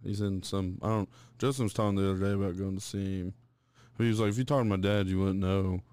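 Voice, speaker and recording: A man co-hosting a podcast in casual chat. He talks in a low-key way and swears casually. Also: flat delivery, fast, darkish tone, clear, resonant tone, no echo. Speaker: podcast co-host.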